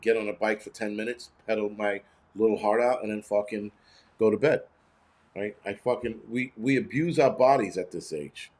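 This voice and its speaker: Profane rambling man in his fifties. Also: on the low side. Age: 50s. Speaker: livestream host. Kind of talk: casual livestream rant.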